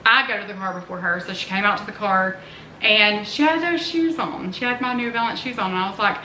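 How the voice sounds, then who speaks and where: Middle-aged woman, chatty vlogging mom, bright forward tone, roomy echo. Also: medium pitch, fairly quick. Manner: chatty, earnest, rambling asides. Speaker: family vlogger, mother. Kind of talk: casual chatty vlog. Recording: roomy echo, faint background noise.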